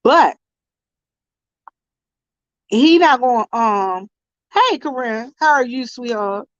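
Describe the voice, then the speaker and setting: Brief: woman, high voice, animated live-stream host, dry dull lo-fi sound. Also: slow, no room sound. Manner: animated, greets chat viewers mid-story. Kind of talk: casual live-stream storytelling. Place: convenience store.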